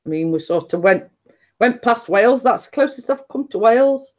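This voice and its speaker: A woman's voice: a little high, expressive, moderate pace. A woman in her fifties with a Nottinghamshire accent, hosting a casual live chat and reading out comments, laughing often and poking fun at herself. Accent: Nottinghamshire English. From Nottinghamshire, England. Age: 50s. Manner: chatty, laughs often, self-deprecating. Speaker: host.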